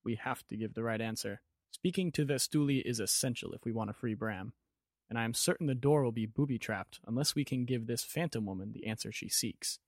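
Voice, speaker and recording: A man voicing an excitable, fond wizard who gives urgent, rising warnings. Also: mid-range voice, fairly quick, no room sound, studio quality, close to an everyday voice. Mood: earnest.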